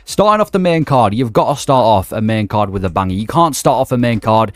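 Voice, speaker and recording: A man's voice: on the low side, animated, a little fast, no echo. A man giving an enthusiastic, emphatic opinion vlog about fight matchmaking in a casual conversational way. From not Australia. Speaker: MMA commentary YouTuber.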